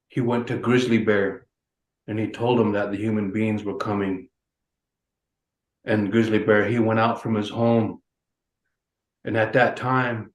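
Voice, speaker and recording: Low-voiced man telling a folk tale. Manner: measured, repetitive storyteller cadence. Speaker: storyteller, guest speaker. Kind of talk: oral storytelling. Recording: roomy echo.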